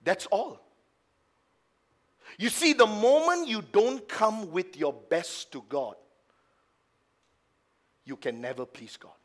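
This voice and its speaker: A man preaching a sermon as pastor at a church service, swinging from hushed low asides to loud, emphatic passages and mocking the excuses of doubters. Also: lively intonation, slow pace, long pauses. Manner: acts out the lines of doubters in a mocking tone.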